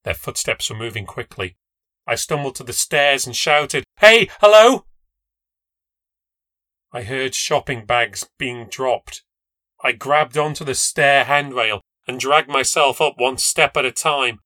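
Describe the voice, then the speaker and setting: A man's voice: medium pitch, a little slow, sharp tone, no echo. A man narrating a first-person ghost story with a tense, dramatic delivery. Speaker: podcast narrator.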